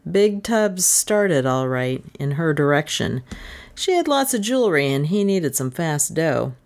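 Low-voiced woman narrating a story. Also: very animated, measured pace, a little mellow. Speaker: audiobook narrator. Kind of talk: scripted narration.

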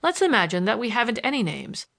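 A woman reading a storybook, voicing a bold young gentleman who talks with confident, teasing assurance. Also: a little high, sing-song, fast talker, vocal fry, exaggerated voice. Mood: earnest. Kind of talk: audiobook character voice.

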